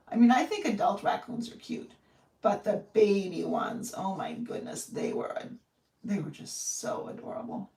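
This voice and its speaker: While hosting a live card-making demo, a woman chats in a friendly, rambling way and thinks aloud as she works. Her voice is high-pitched and mellow with vocal fry, captured by a distant mic in an echoey room.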